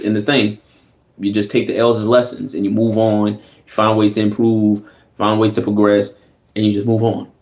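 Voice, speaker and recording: A man hosting a reaction video, talking casually in an animated, slangy way and laughing often. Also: lowish voice. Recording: echoey room.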